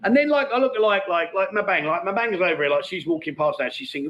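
Hosting a casual livestream outside in Pattaya, a middle-aged man talks fast and animatedly, reading viewers' comments aloud while laughing easily in a chatty, matey style. His high voice comes across bright and forward, on a low-quality recording with slight background noise.

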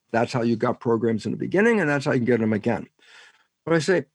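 A man's voice: medium pitch, husky, no echo. An older man, a scientist and author, explaining ideas in an interview and acting out both sides of imagined dialogues. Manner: animated storyteller, acts out both sides of dialogues.

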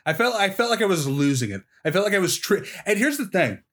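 A man's voice: high-pitched, very animated, quick pace, hardly any pauses, heavy background noise. A young man co-hosting a podcast in casual chat, rambling, laughing often and swearing freely. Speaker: podcast co-host.

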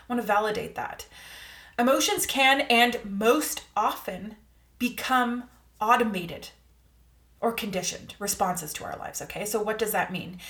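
A woman hosting a reflective self-help talk, calm and earnest, often checking in with her listeners and slowing down to stress key words. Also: mid-range voice, echoey room. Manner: calm, earnest, coaching tone with frequent "all right?" check-ins; slow, drawn-out emphasis on key words. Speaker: podcast host.

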